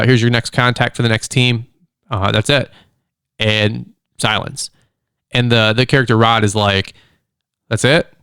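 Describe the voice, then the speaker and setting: A middle-aged man hosting a casual solo podcast, chatty and animated, acting out quick quoted voices as he tells stories. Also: medium pitch, smooth, no room sound, studio quality. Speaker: podcast host, lawn care business owner. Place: studio.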